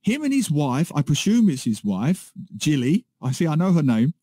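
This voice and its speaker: A man co-hosting a radio show, telling a story in a lively, animated way in casual chat. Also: fairly high pitch, moderate pace, husky, no echo. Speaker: radio co-host. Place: radio studio.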